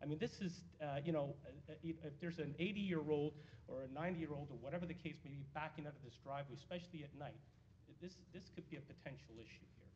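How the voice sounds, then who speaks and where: Brief: man, somewhat high voice, nervous and halting deputation, dull lo-fi meeting audio with faint hiss. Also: darkish tone. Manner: nervous, halting, many fillers and restarts. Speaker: resident speaking at a council meeting. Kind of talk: public deputation.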